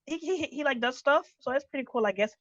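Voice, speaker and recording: High, fast-talking excitable man. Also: no room sound, muffled recording. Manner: excitable, stumbling repeats, slangy. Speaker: podcast co-host. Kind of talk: casual chat.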